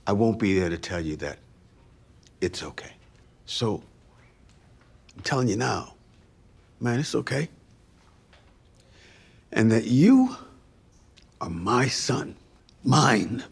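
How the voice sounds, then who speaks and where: A grave, husky father. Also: fairly low pitch, very animated, exaggerated voice. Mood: tender. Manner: slow, heartfelt. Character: grave father saying farewell to his son.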